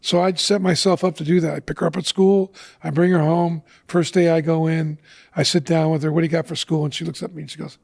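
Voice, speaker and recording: A man's voice: fairly high pitch, flat delivery, quick pace, vocal fry. A middle-aged man telling a personal story as a guest on an interview show, earnestly acting out the lines of the people in it.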